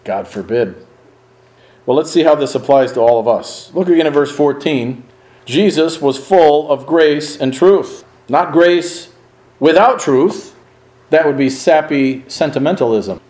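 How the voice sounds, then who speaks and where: A man preaching a sermon in an earnest, emphatic way, swinging his pitch and pace to stress his points. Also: darkish tone, reverberant, low-quality recording.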